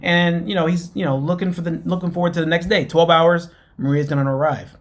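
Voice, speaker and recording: A man's voice: a little high, fairly even intonation, a little fast. A man casually recapping a reality show, rambling with lots of fillers and mocking asides.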